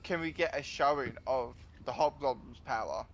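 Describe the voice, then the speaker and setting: A man's voice: mid-range voice, normal speed. Hesitant male tabletop player.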